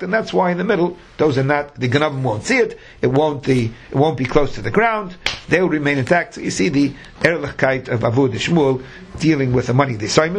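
A man's voice: fairly high pitch, a little hiss or hum. A man teaching a Talmud class, reading the Aramaic phrase by phrase and explaining each in English.

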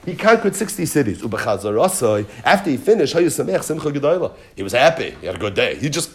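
Animated man teaching a text lesson. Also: mid-range voice, fast talker. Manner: animated storytelling, explaining and dramatizing. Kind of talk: Talmud lesson.

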